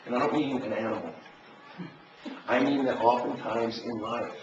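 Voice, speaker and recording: Brief: male preacher, animated storyteller, heard from far off in a roomy, lo-fi church recording. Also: mid-range voice, normal speed, pauses often, slight background noise. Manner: storytelling, voicing quoted characters. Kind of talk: sermon. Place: church sanctuary.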